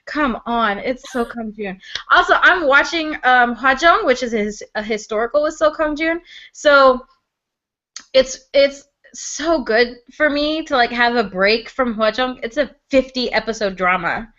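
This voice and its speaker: A woman's voice: high-pitched, lively intonation, measured pace, pushed and bright, lo-fi sound. A young woman reviewing a TV drama in casual chat, gushing and laughing as she acts out characters' lines.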